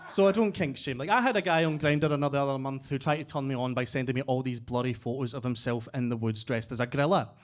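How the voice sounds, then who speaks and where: A Glaswegian man in his thirties performing a crude, deadpan stand-up set in a basement comedy club. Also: medium pitch, fast, hardly any pauses. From Scotland. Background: audience laughter.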